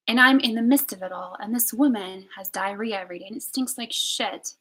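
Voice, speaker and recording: A young woman telling a personal story on a live stream, candid and emotional, swinging between loud outbursts and hushed whispers. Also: on the high side, a little fast, few pauses, poor audio. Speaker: vlogger.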